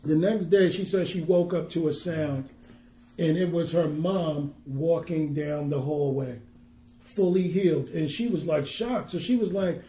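A man who works as a minister, telling a faith story earnestly and reading scripture slowly and with weight. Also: fairly high pitch, warm tone, echoey room. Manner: tells a story earnestly, then reads scripture slowly and emphatically. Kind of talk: preaching and storytelling on a podcast.

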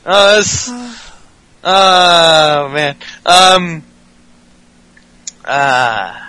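A high-pitched man with a bright, ringing voice runs through a wrestling recap in casual podcast chat. He swears freely and gets worked up, jumping into the wrestlers' lines as he goes. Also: very slow, low-quality recording. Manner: profane, excitable, mimics wrestlers' lines. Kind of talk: casual comedic recap with acted-out quotes.

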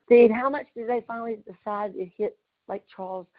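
A woman's voice: on the high side, fairly quick, no echo, narrow, tinny audio. A woman from Louisiana with a Southern US accent, chatting animatedly on a group call and telling stories. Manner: chatty, animated storytelling with frequent laughs. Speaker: community call participant. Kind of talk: casual group call chat. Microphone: remote call audio.

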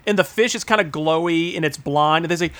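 High-voiced man riffing on a movie. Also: fairly quick. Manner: animated, mocking, acts out quotes in a high voice. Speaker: podcast host. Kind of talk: casual movie chat.

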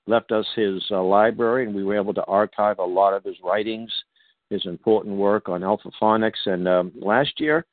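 A Boston man hosting a talk radio interview rambles through announcements, full of fillers and restarts. His voice is lowish and his pace normal, and the recording is dry and tinny, like a phone.

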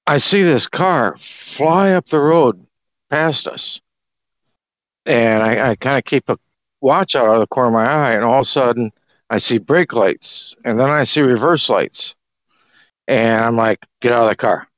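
Man, mid pitch, rambling and loose delivery, dry lo-fi call audio. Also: measured pace, long pauses, fairly bright tone, dry recording. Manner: rambling, loose, clears throat. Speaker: discussion group participant. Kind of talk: casual storytelling and explanation.

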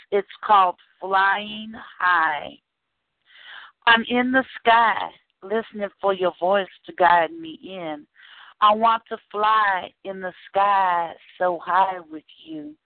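A woman reads her poem slowly and deliberately, returning to the same refrain again and again. Her voice comes through dry and narrow, as if over a phone line. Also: medium pitch, no room sound. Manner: measured, refrain-driven recitation. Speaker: radio show host and poet. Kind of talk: slow poetry reading.

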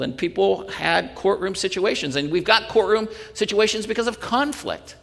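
A man preaching a sermon, telling a personal story in an animated way with chuckles and restarts. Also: high-pitched, measured pace, creaky. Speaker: pastor. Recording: reverberant hall.

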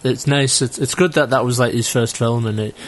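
A man's voice: mid-range voice, fairly even intonation, brisk. A man, co-hosting a casual film podcast and rambling with many restarts. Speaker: podcast co-host.

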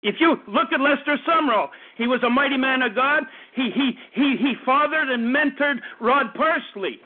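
A man's voice: very high voice, normal speed. A man in his fifties preaching a fervent sermon, often stumbling and repeating words as he goes. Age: 50s. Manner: fervent, repetitive preaching with stammered restarts. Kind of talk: radio sermon. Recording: tinny phone-like radio broadcast.

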